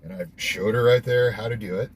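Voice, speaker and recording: Young guy with a lowish voice talking faith stuff, candid, a bit of faint noise behind. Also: a little fast. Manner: candid, reflective, swears casually. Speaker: host. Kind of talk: casual devotional monologue.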